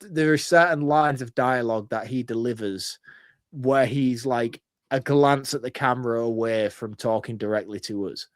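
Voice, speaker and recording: A man's voice: medium pitch, moderate pace, no room sound, studio quality. A man co-hosting a podcast, talking about a film in an earnest, enthusiastic, rambling way. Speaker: podcast co-host. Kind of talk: casual film review chat.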